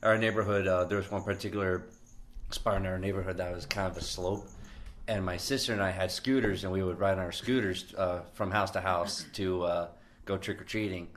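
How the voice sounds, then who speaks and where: Low-voiced man from Florida telling a story. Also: fairly even intonation, a bit bright, a little hiss or hum. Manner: halting, full of fillers and restarts. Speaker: podcast co-host. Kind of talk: casual chat, storytelling.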